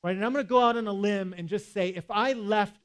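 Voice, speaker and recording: A man's voice: sits high, brisk, fairly bright tone, smooth. A man preaching a sermon in a conversational way, with casual asides and quoted scripture. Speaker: pastor.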